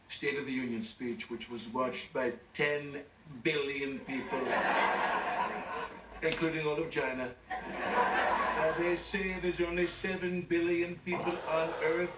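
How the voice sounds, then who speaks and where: A man's voice: on the high side, distant mic, heavy background noise, lightly acted. A man playing a boastful, rambling male president who is out of breath, in a sketch comedy impression. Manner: pompous, self-praising, rambling asides. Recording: roomy studio, from off mic, loud audience laughter.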